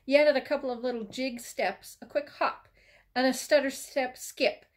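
A woman, a children's librarian, reading a chapter book aloud with lively storytelling and a few small slips. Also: sits high, moderate pace.

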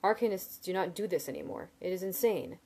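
A woman reading a novel aloud, voicing a level-headed young man student who speaks bluntly and in a measured way. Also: lowish voice, dark tone, lightly acted.

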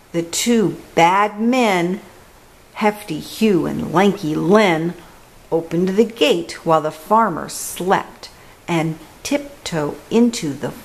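A woman's voice: lowish voice, slow, rough recording. A woman reading a rhyming picture book aloud for children, rhythmic and playful. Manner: animated, rhythmic, with playful animal sounds. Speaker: children's story reader.

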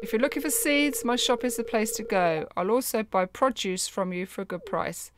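A woman's voice: fairly high pitch, moderate pace, background noise, lightly acted. A woman reading out a friendly village shopkeeper with easy salesman patter. He sounds pleased to see a customer.

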